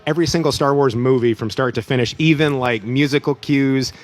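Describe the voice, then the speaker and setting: Easygoing man co-hosting a church pre-show. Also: mid-range voice. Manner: easygoing, jokey, quick laughs. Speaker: church pre-show co-host, youth leader. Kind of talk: casual chat.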